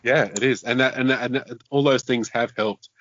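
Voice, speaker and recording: A man's voice: medium pitch, steady tone, fairly quick, fairly bright tone. A man, a guest author chatting casually and self-deprecatingly, often restarting his sentences. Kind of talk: casual interview chat. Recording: dull lo-fi podcast audio.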